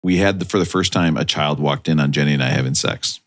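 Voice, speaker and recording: A man's voice: very deep voice, quick pace. A man co-hosting a comedy podcast, telling crude stories in casual banter. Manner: crude storytelling, bursts of loud laughing delivery. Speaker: podcast co-host.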